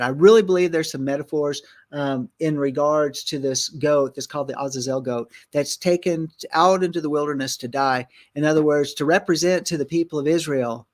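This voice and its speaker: Man, somewhat high voice, Bible teaching host, rambling, full of fillers and restarts, reads scripture aloud. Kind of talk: conversational Bible teaching on a broadcast.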